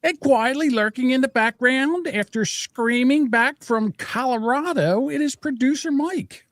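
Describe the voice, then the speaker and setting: A middle-aged male podcast co-host chats casually in a rambling, self-deprecating, scatterbrained way. His voice is extremely high-pitched, a little slow and fairly bright, captured with clean studio sound and no echo.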